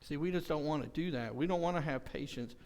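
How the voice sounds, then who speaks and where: High, clear-voiced joking preacher man. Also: fast, a little mellow. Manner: joking, folksy storytelling with acted-out quotes. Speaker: pastor. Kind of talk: casual conversational sermon. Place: church service.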